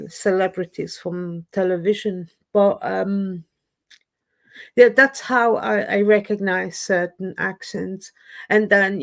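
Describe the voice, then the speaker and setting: A woman's voice: mid-range voice, gravelly. A woman hosting a casual live stream chat, rambling and self-deprecating as she talks. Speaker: livestream host. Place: lives in Scotland.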